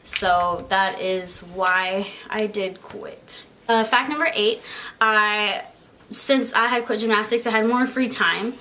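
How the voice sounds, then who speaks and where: A woman's voice: mid-range voice, takes it slowly, bright, forceful tone, a little hiss or hum. A young woman vlogging in a casual, chatty way, giggling often and filling her talk with "like" and "um". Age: young adult. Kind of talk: casual chat.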